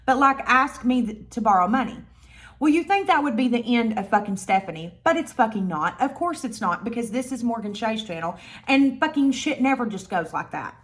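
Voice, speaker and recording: A woman's voice: fairly high pitch, lively intonation, a little fast, hardly any pauses. Blunt, profane woman storyteller. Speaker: vlogger. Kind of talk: storytime vlog.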